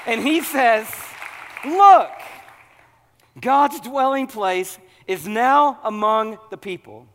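A man preaching a sermon, animated and humorous, working up to loud, excited preaching. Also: extremely high pitch, takes it slowly, in a large hall, some chatter behind. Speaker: pastor.

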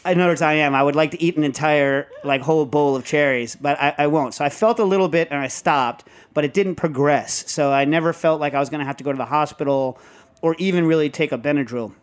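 A man hosting a casual talk show, rambling and animated, often breaking into show tunes. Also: a little high, fast talker. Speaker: host. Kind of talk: casual chat.

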